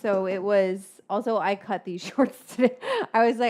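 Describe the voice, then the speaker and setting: A woman's voice: medium pitch, fairly even intonation, moderate pace, darkish tone, clean tone. A middle-aged woman hosting a casual cooking livestream, rambling and swearing, with lots of fillers as she chats with viewers. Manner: rambling, chatty and profane, with frequent fillers. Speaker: cooking show host.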